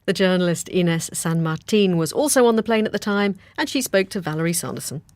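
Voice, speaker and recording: Brief: woman news presenter, lowish voice, light playful read, dry studio sound. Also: brisk, darkish tone, no echo.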